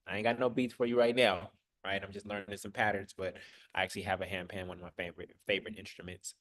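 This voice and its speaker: A man's voice: low voice, flat delivery, fast talker, fairly bright tone, dry recording, studio quality. A man hosting a live online coaching session, giving direct, coaxing instructions with casual slang. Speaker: workshop host.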